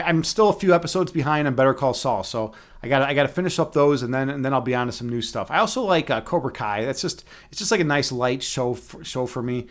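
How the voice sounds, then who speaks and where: A man in his thirties hosting a live stream, chatting casually with his viewers, rambling through profane, animated stories and laughing at his own jokes. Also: on the high side. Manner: many restarts and fillers, animated storytelling.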